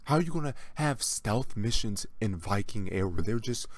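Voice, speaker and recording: Very deep-voiced man ranting sarcastically. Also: expressive, normal speed, no room sound. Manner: mocking, exasperated, repeats himself. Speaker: gaming channel host. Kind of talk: sarcastic reaction rant.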